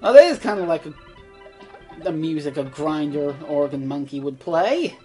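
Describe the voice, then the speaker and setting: Lively, rambling woman gamer. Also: low voice, faint music behind. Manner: rambling, self-mocking, quick-talking and swears. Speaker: let's play gamer. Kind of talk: casual game commentary.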